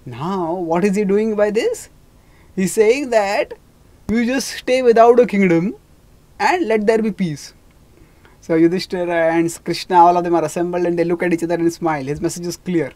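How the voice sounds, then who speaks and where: A teacher retelling an old epic in a measured, explanatory lecture, with frequent restarts and fillers. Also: mid-range voice, a little mellow, no echo. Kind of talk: storytelling lecture.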